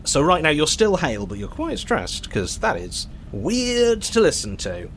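Man, game master, narrating a tabletop game, teasing, lively intonation. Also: a little high, unhurried, a little hiss or hum. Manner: playful, teasing, laughs often.

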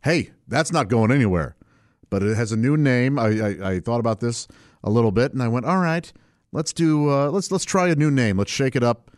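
A man hosts his own podcast solo, rambling casually, frequently restarting sentences and chuckling to himself. His mid-range voice is a little mellow at a normal speed, recorded dry in studio quality.

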